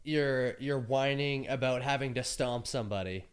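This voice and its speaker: A man as a podcast guest, easygoing and quick to agree in casual chat. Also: mid-range voice, clean tone.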